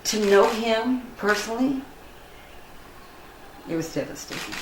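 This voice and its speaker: An older woman telling a personal story in an interview, earnest and animated, acting out the dialogue she quotes. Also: a little high, unhurried. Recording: roomy echo, faint ambient noise.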